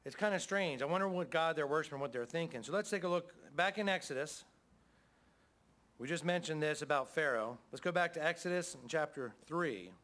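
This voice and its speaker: A man's voice: fairly high pitch, fairly quick, a bit bright. A middle-aged man preaching a sermon as pastor, in a folksy, conversational way with frequent calls of amen.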